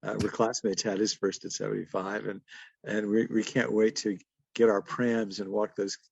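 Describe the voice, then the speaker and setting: A man in his seventies speaks with a gravelly, fry-edged voice at a middle pitch. He talks in a storytelling way as an interview guest, laughing often. The sound is dry and a little dull. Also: little pitch movement, moderate pace, no room sound. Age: 70s. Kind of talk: conversational interview.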